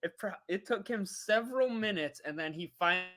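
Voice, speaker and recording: This woman vlogger talks briskly at a medium pitch, sharing a travel tale with viewers during a casual livestream. She's animated and keeps laughing.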